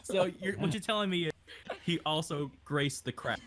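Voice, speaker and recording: A man's voice: on the high side, normal speed, heavy background noise. A man on a casual podcast call, joking and teasing the others. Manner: joking, teasing, laughs loud. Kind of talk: casual group chat on a call.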